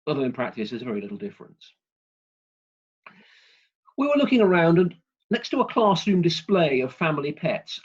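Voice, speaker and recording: A man giving a humorous prepared speech over a video call, in a dry, wry, deadpan way. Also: fairly high pitch, slightly rough, lo-fi sound. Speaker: club speaker.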